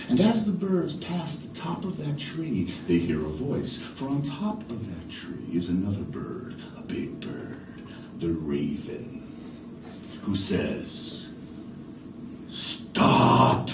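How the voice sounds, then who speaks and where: A middle-aged man from New York City telling a tale on stage, his voice rising and falling with lively drama and an unhurried pace. He is heard from a distance in an echoey theater with background noise. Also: low voice. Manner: dramatic, animated, shifts between hushed and loud. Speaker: storyteller. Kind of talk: theatrical one-man storytelling.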